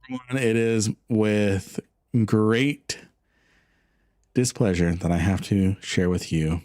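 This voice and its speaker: A man's voice: lowish voice, a little mellow, dry recording, studio quality. A man putting on a grave, solemn announcer. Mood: mock-solemn. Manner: slow, mock-solemn.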